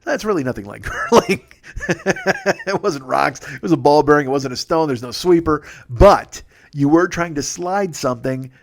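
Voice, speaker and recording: A man's voice: a little high, expressive, moderate pace, creaky. A man in his forties hosting a solo comedy podcast, rambling and profane, often laughing at his own jokes. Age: 40s. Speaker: comedian host.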